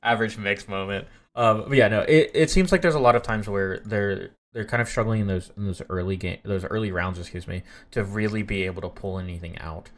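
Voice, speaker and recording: A man's voice: fairly low pitch, a little fast, hardly any pauses. A man casting an esports match live, rambling with many fillers and restarts, flustered by technical trouble. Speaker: esports caster. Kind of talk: live play-by-play commentary.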